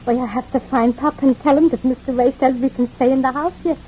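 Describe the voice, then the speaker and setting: A woman's voice: high voice, fairly even intonation, fast talker, mellow, a little hiss or hum, natural voice. Woman playing a rambling immigrant mother with a lilt. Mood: chatty. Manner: stammering repeats, rambling and philosophizing. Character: talkative kindly immigrant mother, fussing hostess. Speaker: mother of the family. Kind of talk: 1940s radio acting. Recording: dull old radio recording.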